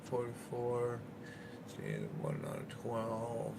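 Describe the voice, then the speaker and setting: A man chatting casually on a livestream, telling stories with lively quoted voices. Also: mid-range voice, slow pace, vocal fry, very noisy. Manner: storytelling, animated when quoting others. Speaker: streamer. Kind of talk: casual chat.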